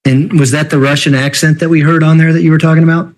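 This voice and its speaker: A man's voice: fairly high pitch, little pitch movement, fast, rough recording. Insistent male attorney cross-examining. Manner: pressing, insistent questioning. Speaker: prosecuting attorney. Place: courtroom.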